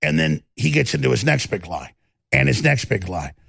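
A man with a heavily gravelly, husky voice delivers a combative on-air rant as host of his own show. His pitch swings widely and he trips over repeated words as he drives his points home. The sound is dry and close, with no room in it. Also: sing-song, normal speed, fairly bright tone, no room sound.

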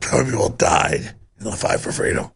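A man's voice: deep voice, lively intonation, brisk, creaky, breathy edge. A man hosting a talk radio show, ranting with heated, repeated rhetorical questions. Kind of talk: loud talk radio rant.

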